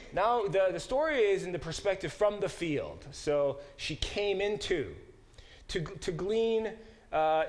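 A middle-aged man teaching a Bible study class. He reads scripture aloud, stops to explain Hebrew words, and often corrects himself as he goes. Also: medium pitch.

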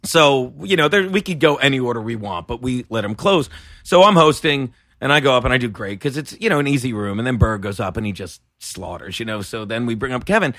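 A man hosting a comedy podcast, telling stories in a loud, animated way, breaking into shouted impressions and laughter. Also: mid-range voice, brisk, no room sound, studio quality. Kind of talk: casual storytelling chat.

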